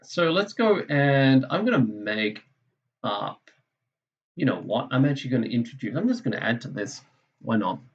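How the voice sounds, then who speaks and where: Guy teaching maths over a screen recording, gravelly voice, kinda muffled lo-fi audio, corrects himself a lot. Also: mid-range voice, very animated, normal speed. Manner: thinks aloud, self-correcting, casual.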